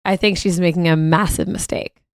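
A woman's voice: fairly low pitch, fairly even intonation, fairly quick, dry recording. A woman co-hosting a podcast in casual chat about a reality dating show, giving short agreements and blunt opinions. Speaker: podcast co-host.

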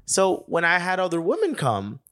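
Animated storytelling podcast co-host man. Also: sits high, moderate pace. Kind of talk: casual chat.

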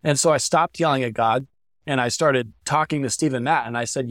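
A man's voice: medium pitch, a little fast, a bit bright, no room sound, studio quality. A young man as a podcast guest, sharing a painful personal story in an earnest, heartfelt way that turns emotional at times. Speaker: guest speaker. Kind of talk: candid interview storytelling.

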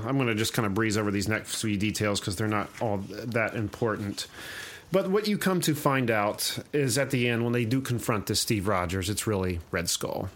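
A man on a podcast telling a long story in casual chat, animated, with casual swearing. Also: on the low side.

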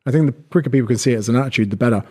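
A man's voice: medium pitch, a little mellow. A man, a personal trainer talking bluntly as a podcast guest, swearing often and acting out quotes. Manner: fast, blunt, swears a lot, acts out quotes. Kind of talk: podcast conversation.

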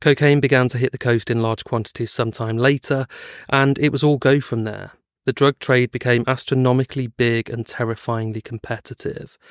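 A man co-hosting a true-crime podcast, moving between a steady scripted narration and loose, hedging chat. His voice is smooth and clear. The sound is dry and close, with no room around it. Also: mid-range voice, no room sound. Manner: reads prepared script, then chats with hedging fillers. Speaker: podcast co-host.

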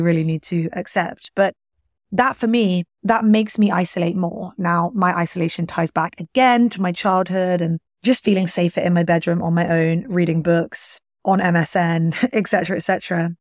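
Candid woman talking low and close. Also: darkish tone, no echo. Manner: candid, confessional, heavy use of "like". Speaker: podcast host. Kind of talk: solo podcast, personal reflection.

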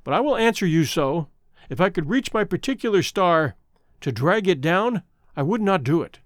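Storybook reading: man doing an ardent, idealistic young suitor, lively swooping delivery, dry sound. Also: high-pitched, moderate pace, no room sound.

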